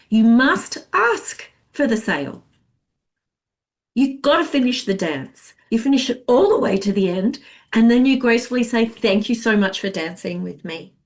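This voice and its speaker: Her voice a touch high, a female sales coach runs a masterclass in a lively, talkative manner, dramatizing the inner thoughts of clients.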